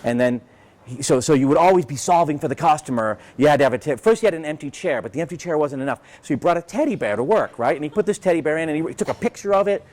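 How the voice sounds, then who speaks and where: A man's voice: a little high, expressive, fast, darkish tone. A man speaking as a guest at a business event, telling stories in a sarcastic, rambling way with frequent profanity and tag questions. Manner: sarcastic, rambling, profane, peppered with "right?" and "you know". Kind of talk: animated conversational storytelling.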